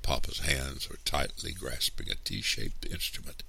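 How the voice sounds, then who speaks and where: A man calmly reading a story aloud as a narrator. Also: a bass voice, measured pace, vocal fry, a little hiss or hum. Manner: calm, even read-aloud narration. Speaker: reader.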